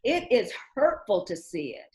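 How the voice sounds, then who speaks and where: A woman's voice: mid-range voice, big pitch swings, unhurried, mellow, reverberant. A middle-aged woman giving emotional personal testimony in a community discussion over a video call, her voice rising when she is hurt.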